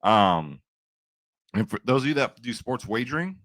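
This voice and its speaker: A man in his forties hosting a sports betting vlog, rambling and excitable in casual chat to camera. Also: mid-range voice, moderate pace, dry recording. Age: 40s.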